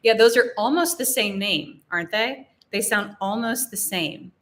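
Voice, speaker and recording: A young American woman teaching English in a live Q&A, explaining phrases slowly and repeating examples. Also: mid-range voice, fairly bright tone. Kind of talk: live-stream Q&A lesson.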